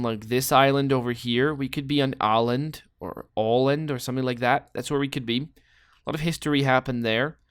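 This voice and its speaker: A man's voice: medium pitch, smooth, no room sound, clean studio sound. A man giving casual, rambling commentary while playing a guessing game, joking and thinking aloud. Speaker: gameplay commentator.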